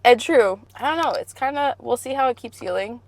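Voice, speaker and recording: A woman's voice: fairly high pitch, fast talker, gravelly. A young woman with a Midwestern American accent, co-hosting a casual chat in a car, bubbly and full of filler words.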